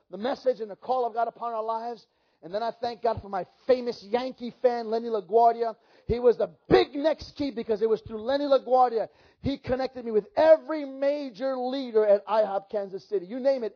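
A pastor's high, light voice tells a sermon testimony, one moment close to a whisper and the next at full volume. He is a man, and he shapes each scene of his story as he goes. The recording is dull and lo-fi. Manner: animated storytelling with swings from hushed to loud.

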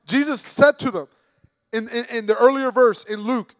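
A man's voice: very high-pitched, normal speed, no room sound. A man preaching a sermon in an emphatic, conversational way, putting rhetorical questions to the congregation.

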